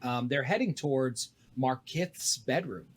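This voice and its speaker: Relaxed man running a tabletop game. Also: mid-range voice, unhurried. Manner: relaxed, says "excellent" often. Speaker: game master.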